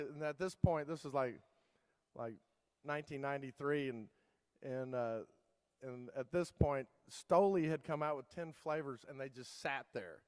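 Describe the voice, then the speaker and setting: A man's voice: mid-range voice, moderate pace, darkish tone, clean tone. A man giving a keynote talk, telling his story in a loose, rambling way with many fillers and restarts. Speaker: keynote speaker. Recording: long hall reverb.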